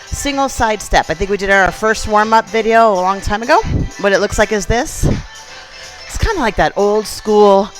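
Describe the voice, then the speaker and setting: A woman fitness instructor leading a gentle exercise class, chatty and encouraging, counting reps aloud. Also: medium pitch, lively intonation, normal speed, faint music behind, rough recording. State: out of breath at times.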